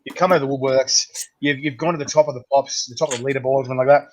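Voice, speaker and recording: A man's voice: mid-range voice, fairly even intonation, racing, a little hiss or hum. Chatty man hosting, lo-fi sound. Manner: chatty, laughs often, acts out quoted voices. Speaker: podcast host. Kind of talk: casual interview chat. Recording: slightly dull, lo-fi sound.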